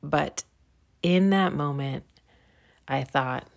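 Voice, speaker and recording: A woman's voice: low voice, moderate pace, gravelly. A woman in her forties telling a personal faith story in a chatty way, with many fillers, restarts and laughs. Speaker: mother sharing a devotional story. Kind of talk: casual devotional storytelling.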